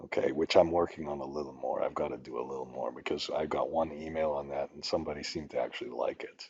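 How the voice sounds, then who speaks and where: A man's voice: extremely low pitch, fairly even intonation, fast, highs cut off, noisy background. An older man teaching a spreadsheet tutorial, rambling and ranting, with swearing when annoyed. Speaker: instructor. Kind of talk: screen-recorded spreadsheet tutorial.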